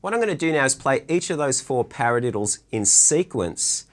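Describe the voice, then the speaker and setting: A man giving a relaxed, chatty drum lesson from his drum room, counting beats aloud as he explains stickings. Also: mid-range voice, moderate pace, soft background music. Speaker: drum teacher.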